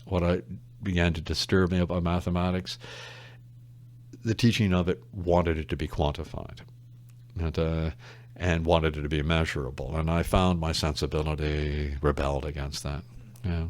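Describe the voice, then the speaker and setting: An English literature professor, a guest on a casual podcast interview, speaks in a very deep, slightly mellow voice with a level tone and moderate pace. He is thoughtful and wry, an explainer who drifts into side stories.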